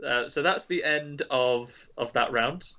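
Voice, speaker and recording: A man's voice: mid-range voice, unhurried, pushed and bright. A man running a horror movie quiz on a podcast, explaining rules at length and laughing often. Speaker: quiz master. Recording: dull lo-fi audio.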